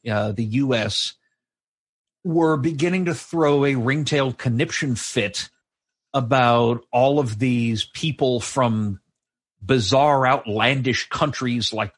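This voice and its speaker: A man's voice: medium pitch, fairly bright tone, slightly rough, no echo. Sardonic man telling history. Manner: wry, sardonic storytelling. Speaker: podcast co-host. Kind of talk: casual history chat. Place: live show.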